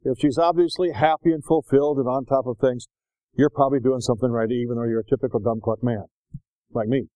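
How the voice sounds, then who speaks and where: An older man preaching a sermon in a folksy, animated storytelling way, slipping into voices as he tells stories. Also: medium pitch, fast, no room sound, rough recording.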